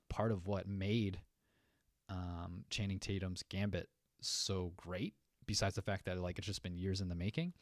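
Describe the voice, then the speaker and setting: Male fan-news host, low gravelly voice, dry close mic, loose chatty delivery. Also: dry recording. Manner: chatty, loose, many fillers and asides. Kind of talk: casual commentary reading chat.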